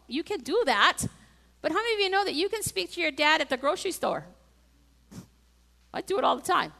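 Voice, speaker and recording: A woman's voice: high voice, pushed and bright. A middle-aged woman preaching a sermon, talking conversationally and building to fervent, emphatic exhortation.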